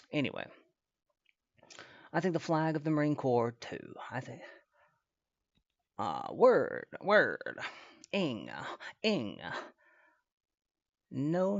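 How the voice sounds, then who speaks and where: A man rambles through a live-stream reaction, swearing freely and trash-talking as he goes. His voice sits at an average pitch for a man. The sound is dry and close, with a slightly muffled, dull desk mic. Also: no room sound. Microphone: computer mic at desk.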